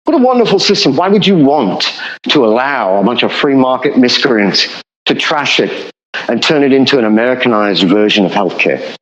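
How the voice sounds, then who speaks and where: Man, economist guest, emphatic, lecturing, lively swinging pitch, muffled lo-fi audio. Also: moderate pace, roomy sound. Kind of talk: passionate podcast explanation. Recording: dull lo-fi audio.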